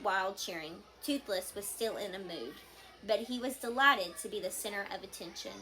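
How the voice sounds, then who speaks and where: A woman reading a children's novel aloud to a class, with expressive storytelling. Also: medium pitch, slight background noise.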